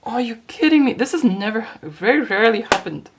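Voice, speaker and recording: Flipping through an old magazine, a retro computing YouTuber chats casually, reading bits aloud and reacting with frequent giggles and mock-angry swearing. Her voice sits on the high side and is very animated, a little slow, with long pauses. There's slight background noise.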